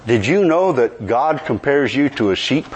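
With a mid-range voice at a moderate pace, the preacher tells a humorous story with animation before climbing into emphatic preaching. His congregation calls back responses throughout.

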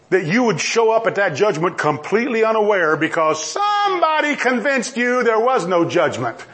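A male preacher with a very high voice and a lively, swooping delivery. He preaches forcefully, climbing into shouts. Mocking asides break up the sermon.

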